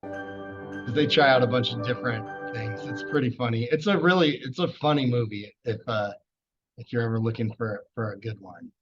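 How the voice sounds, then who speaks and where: A man's voice: mid-range voice, moderate pace, music in the background. Chatty male history teacher. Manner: chatty, rambling, enthusiastic. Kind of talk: casual classroom lecture. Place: classroom. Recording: dull lo-fi classroom recording.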